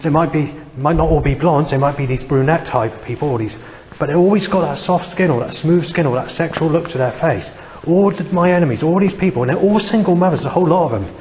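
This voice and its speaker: A man's voice: on the high side, fast talker, darkish tone. A man giving a rambling, agitated vlog monologue, swearing often and circling back over the same points. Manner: agitated, profane, repetitive. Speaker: vlogger. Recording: long reverb, faint background noise.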